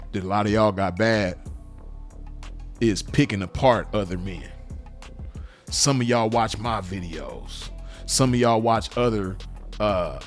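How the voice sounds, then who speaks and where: A man, speaking in a blunt, profane, repetitive unscripted monologue to camera. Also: medium pitch. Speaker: vlogger.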